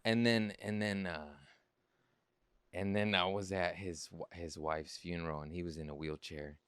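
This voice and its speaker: A man's voice: low voice, fairly even intonation, normal speed, fairly bright tone, smooth, dry recording. A man hosting a podcast, telling a family story in a joking, storytelling way and laughing often. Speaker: podcast host. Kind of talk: casual comedic chat.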